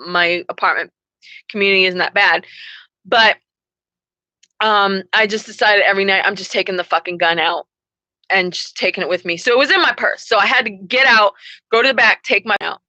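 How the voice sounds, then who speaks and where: A young adult woman telling a story to camera in a profane, animated way. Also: mid-range voice, no echo, poor audio. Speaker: vlogger. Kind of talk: casual storytelling.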